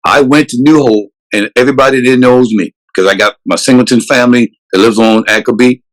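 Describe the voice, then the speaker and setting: A man's voice: medium pitch, a little fast, poor audio. A man, a police chief answering interview questions earnestly and emphatically, often restarting his sentences. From South Carolina, USA.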